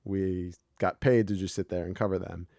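A man's voice: low-pitched, steady tone, moderate pace, creaky, dark tone, no echo, studio quality. An American man co-hosting a podcast, chatting casually in a rambling way with lots of swearing and restarts. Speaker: podcast co-host. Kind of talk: casual chat.

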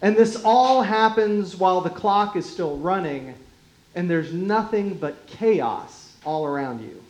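A pastor giving a sermon in a measured, unhurried way, often dropping softly in volume and chuckling lightly. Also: medium pitch, expressive. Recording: roomy echo.

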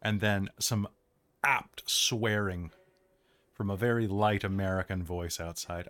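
Brief: male game master, casual narration, fairly low voice. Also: steady tone, measured pace, fairly bright tone. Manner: casual, conversational.

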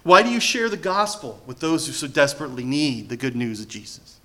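A man preaching a sermon as pastor, telling a story in an animated way. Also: medium pitch, a little fast. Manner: animated storytelling, acting out quoted voices.

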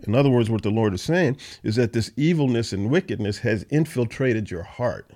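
Fairly quick and animated, with few pauses, this medium-pitched man sounds mellow. He runs a Bible study podcast where he reads scripture aloud and unpacks it in an everyday, conversational way.

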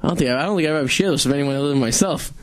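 A man's voice: a little high, racing. A man in his thirties from Massachusetts, co-hosting a radio show and telling a rambling, self-mocking story in casual chat. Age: 30s.

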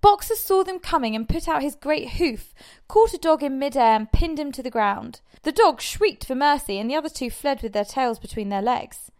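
A woman narrating an audiobook in a measured, steady way. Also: sits high.

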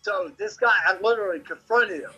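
A man from Memphis, telling a story as a podcast guest in a rambling, animated way and swearing constantly. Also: high-pitched, a little fast, husky, muffled recording, soft background music. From Memphis, Tennessee. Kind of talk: casual storytelling.

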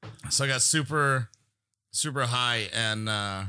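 A man's voice: medium pitch, measured pace, sharp tone, smooth, no echo, studio quality. A man as a podcast guest, telling a rambling, profane story and laughing through it. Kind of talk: casual storytelling.

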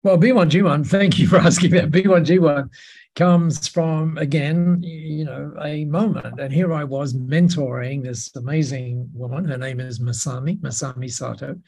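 An Australian man, a podcast guest, telling a story in a lively way and acting out the dialogue. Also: on the high side, normal speed, creaky, slightly rough. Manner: lively, acts out dialogue in different voices. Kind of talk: animated storytelling.

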